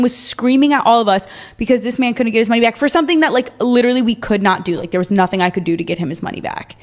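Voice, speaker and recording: A woman's voice: a little high, fast. A woman in her twenties telling an indignant story from her retail job. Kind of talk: casual storytelling.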